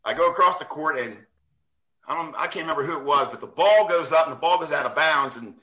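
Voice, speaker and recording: A man, a basketball referee, telling a story in a casual, animated way and acting out the people he quotes. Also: on the high side, fast talker, muffled recording. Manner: animated, acts out quoted coaches.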